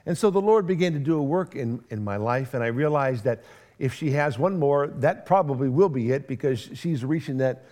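A man's voice: mid-range voice, moderate pace. A middle-aged man preaching a sermon as pastor, telling a family story with humor and acting out both sides of the conversations. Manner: animated storytelling, acts out both sides of dialogue, self-deprecating humor.

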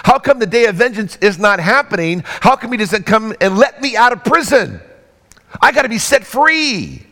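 A preacher voicing a puzzled jailed prophet. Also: male voice, high-pitched, very animated, normal speed, pushed and bright, voice pushed up, exaggerated voice. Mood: anxious. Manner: questioning, urgent. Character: puzzled imprisoned male prophet, anxious. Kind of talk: sermon.

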